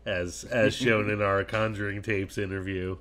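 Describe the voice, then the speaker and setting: A man's voice: fairly low pitch, level tone, normal speed, a bit bright. A man from co-hosting a casual podcast, teasing his friends in a jokey way. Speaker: podcast co-host. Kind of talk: casual chat.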